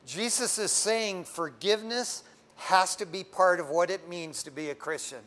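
A middle-aged man preaching a sermon, conversational and emphatic, swinging from fervent prayer to hushed tones. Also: sits high, normal speed. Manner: conversational, says "man" often. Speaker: pastor.

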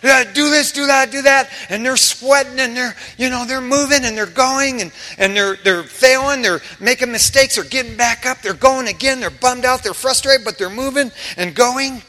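A man's voice: extremely high pitch, moderate pace, hardly any pauses. A man preaching a sermon in a church, telling stories casually and acting out quotes with humor. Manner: animated, casual storytelling with humor and acted-out quotes. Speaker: pastor. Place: church sanctuary. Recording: preached in a reverberant church hall.

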